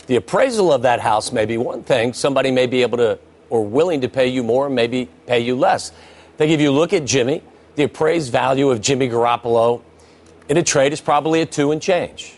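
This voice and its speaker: A man appearing as a guest NFL analyst on a sports debate show, explaining his view calmly with analogies. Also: medium pitch, a little fast.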